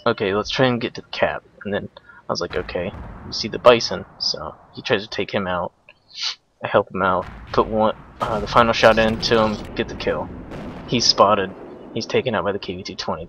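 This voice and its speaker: A young man casually commenting over a replay of his own game match, explaining each move in a relaxed way with frequent ums and uhs. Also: on the low side, creaky. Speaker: gameplay commentator. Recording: dull lo-fi recording with faint noise.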